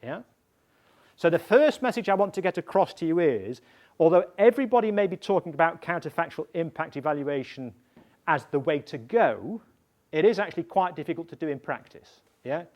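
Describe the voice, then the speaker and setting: A man teaching in a lecture style, going slowly, restating points and checking understanding with a questioning "yeah?". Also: fairly high pitch, lively intonation, darkish tone. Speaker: evaluation trainer.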